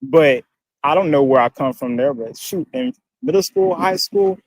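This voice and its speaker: A man's voice: mid-range voice, expressive, moderate pace, dry recording, clean studio sound. A man from Africa ranting casually in a clip, blunt and profane, laughing through his points. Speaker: social media video maker. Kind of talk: casual video rant.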